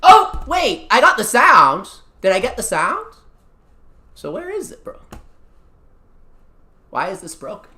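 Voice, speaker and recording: Excitable young-adult streamer, lively and bright. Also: medium pitch, slow pace, long pauses. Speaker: VTuber streamer. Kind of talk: casual live-stream chat over a mobile gacha game. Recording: echoey room.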